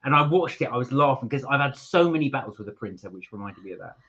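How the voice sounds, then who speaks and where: A man's voice: medium pitch, expressive, fast talker, fairly bright tone, dull audio. A man co-hosting a live stream, reading out viewer comments and chatting casually, with lots of hesitant fillers. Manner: rambling, hesitant with many fillers. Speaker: channel co-host.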